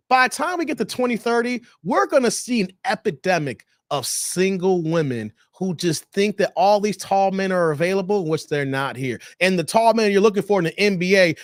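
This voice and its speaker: A man's voice: high voice, no echo, studio quality. A man hosting a live stream, joking in slangy casual chat and reading out viewer messages.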